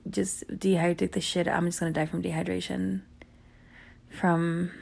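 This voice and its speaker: Woman, low voice with vocal fry, rambly and foul-mouthed, casual spoken chat to listeners. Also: level tone, darkish tone. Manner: rambling, full of likes and ums, swears often; apologetic, talks fast in bursts. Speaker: audio creator talking to listeners.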